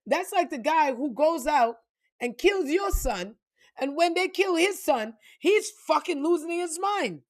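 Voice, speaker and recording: High-voiced woman ranting bluntly. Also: lively intonation, a little slow. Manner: blunt, profane, heated. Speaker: spiritual reader and vlogger. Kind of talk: unscripted rant to camera.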